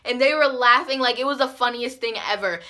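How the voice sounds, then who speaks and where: A teenage girl tells a story in a casual vlog. She speaks in a high, bright voice and curses freely. She acts out what people said with sudden loud, animated bursts. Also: fairly quick. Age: teens. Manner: animated and profane, acting out quotes with big jumps in pitch and loudness. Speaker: vlogger.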